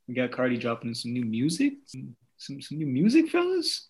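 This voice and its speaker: A man's voice: medium pitch, very animated, moderate pace, few pauses, fairly bright tone. A man co-hosting a podcast in casual chat, playful and teasing as he hypes up new music. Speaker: podcast co-host.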